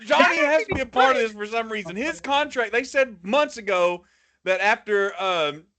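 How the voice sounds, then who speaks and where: Bright, emphatic man co-hosting. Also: very high voice, moderate pace. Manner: emphatic and opinionated, speculating freely. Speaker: podcast co-host. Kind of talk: casual podcast chat.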